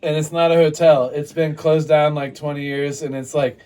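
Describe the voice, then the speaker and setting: Animated storyteller man, fairly high voice. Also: moderate pace, recorded from a distance. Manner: animated, profane, acts out quotes. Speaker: podcast guest. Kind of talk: casual chat, storytelling.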